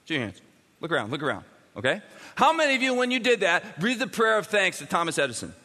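A man preaching a sermon as a pastor, emphatic and animated, swinging from loud bursts to quiet, intimate lines. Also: sits high, fast talker. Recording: long reverb of a large hall.

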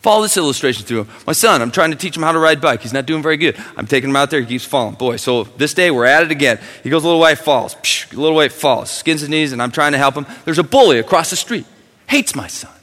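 A male pastor delivers a passionate sermon, moving between quiet intensity and loud emphasis, with long hall reverb around him. His voice is on the high side, animated, and quick.

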